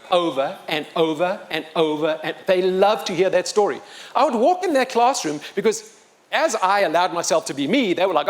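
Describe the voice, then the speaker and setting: A middle-aged man, telling a personal story to a live audience and acting out the dialogue with emotion. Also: high voice. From South Africa. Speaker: children's author and speaker.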